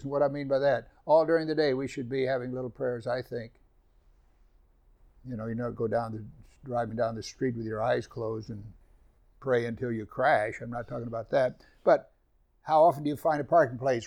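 A man's voice: mid-range voice, steady tone, normal speed, darkish tone. A middle-aged man preaching a conversational sermon, acting out little everyday scenes as he goes. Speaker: pastor.

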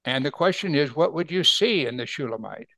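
A man preaches from scripture in a somewhat high, gravelly voice. He slows down to read verses aloud and keeps asking his listeners questions. The sound is dry and close, with no room echo. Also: lively intonation, sharp tone. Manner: explains Bible verses with rhetorical questions. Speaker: pastor. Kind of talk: sermon.

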